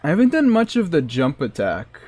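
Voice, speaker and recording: A man's voice: a little high, wildly swooping pitch, fairly quick, a little mellow, no echo. A man streaming a modded game, chatting with his viewers and joking as he plays. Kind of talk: casual gameplay commentary.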